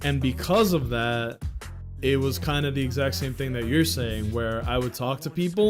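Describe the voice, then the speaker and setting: A man in his thirties from New York talks on a livestream in a loose, rambling way, swearing casually. His pitch sits at an ordinary middle for a man. Soft music plays faintly behind him. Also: normal speed. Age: 30s. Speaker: livestream host.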